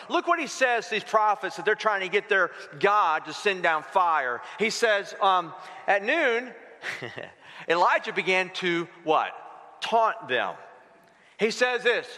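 A man's voice: sits high, big pitch swings, moderate pace, sharp tone. A man preaching a sermon as pastor, asking the congregation rhetorical questions and mixing in humorous asides. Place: church sanctuary. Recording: long reverb of a large hall.

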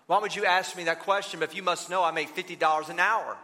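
Scolding dad quick to anger, put on by a preacher, high bright voice, long hall reverb. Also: male voice, steady tone. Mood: stern. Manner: scolding, then apologetic. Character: stern hardworking father, quick to anger.

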